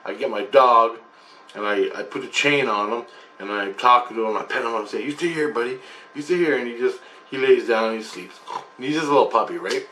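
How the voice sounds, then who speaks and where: A man who hosts his own channel, casually retelling a dream in a rambling, halting way full of restarts. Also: mid-range voice, sharp tone. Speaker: channel host sharing spiritual experiences. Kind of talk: casual spoken recounting of a dream.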